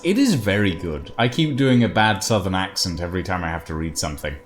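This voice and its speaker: A man streaming a game and chatting casually with viewers, self-mocking, reacting out loud. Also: low voice, lively intonation, fast, hardly any pauses, slight background noise. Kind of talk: casual gameplay commentary. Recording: game music underneath.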